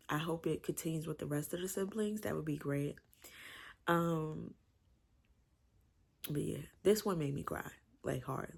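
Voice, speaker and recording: A woman's voice: low voice, creaky, a little mellow, husky. A woman giving a chatty, emotional book review, repeating herself as she gushes about the story. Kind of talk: casual book review vlog.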